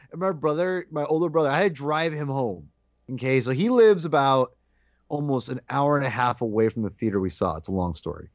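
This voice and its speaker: A man in casual podcast chat, telling an animated story and acting out his own shouted lines. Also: medium pitch, fairly quick, dry recording. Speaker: podcast guest co-host. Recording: dull lo-fi dry sound.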